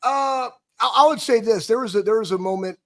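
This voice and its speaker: A man in his forties co-hosting a talk show, telling a rambling, animated story with lots of stumbles and restarts. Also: very high-pitched, a little fast. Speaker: co-host, former player.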